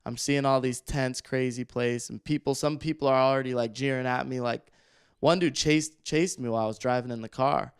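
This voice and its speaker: Smooth-voiced man telling a wild story. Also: mid-range voice, fairly quick, no echo, studio quality. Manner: animated, rambling, heavy use of filler words. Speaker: podcast guest. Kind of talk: casual storytelling.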